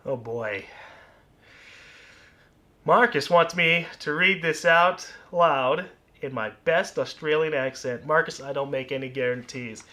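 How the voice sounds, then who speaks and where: A male YouTuber with a slightly high voice casually reads fan mail aloud. He is soft-spoken and musing, often letting his sentences trail off quietly.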